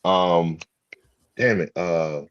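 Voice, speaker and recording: Male podcast guest on a call, halting trash-talker, muffled and dry. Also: deep voice, clean tone, no echo. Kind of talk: casual sports chat.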